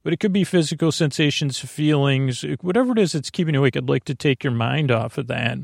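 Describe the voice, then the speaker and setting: A man hosting a sleep podcast in a creaky, dulcet voice, meandering and repeating himself with lots of fillers. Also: mid-range voice, quick pace, no echo, clean studio sound. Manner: meandering, repetitive, soft-spoken, with many fillers and restarts. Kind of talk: rambling bedtime podcast intro.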